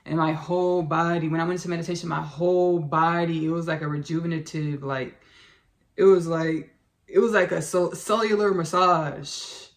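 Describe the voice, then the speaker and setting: This podcast host talks casually about spiritual topics, effusive and rambling, repeating herself and calling listeners "baby" and "y'all." Her voice sits low and has a creaky quality.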